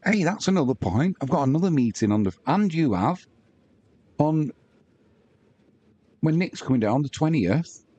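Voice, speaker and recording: A man's voice: a little high, lively intonation, normal speed, long pauses, mellow, dry recording, lo-fi sound. A man from the UK hosting a live match watch-along, chatting casually and reading viewer comments aloud with banter. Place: at home.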